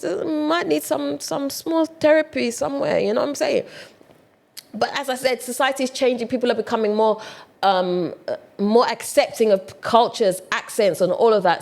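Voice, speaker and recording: A woman from Ghana, chatting casually to viewers in an opinion vlog, animated and full of rhetorical questions. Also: medium pitch. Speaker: vlogger.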